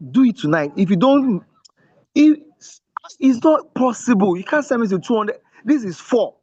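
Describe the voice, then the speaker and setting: A man's voice: extremely high pitch, expressive, unhurried, darkish tone, breathy edge, no room sound. Man teaching on a dull call. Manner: repetitive, checks in with listeners often; emphatic teaching tone. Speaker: instructor. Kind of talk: online class with screen share.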